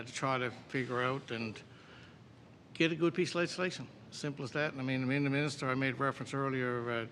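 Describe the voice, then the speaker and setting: A man, an opposition member in a committee debate, talking indignantly and slowing down to stress his words. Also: mid-range voice, sharp tone, a little hiss or hum. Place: legislative chamber.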